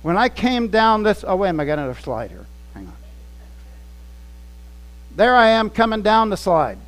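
A man's voice: high-pitched, sing-song, normal speed, rough recording. A male pastor preaching in a conversational way, telling anecdotes and acting out scenes as he goes. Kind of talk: storytelling sermon.

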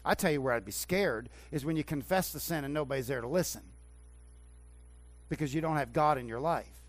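A man's voice: on the high side, a little fast. Emphatic male pastor preaching a sermon. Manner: swings from hushed to loud emphatic preaching. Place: church sanctuary.

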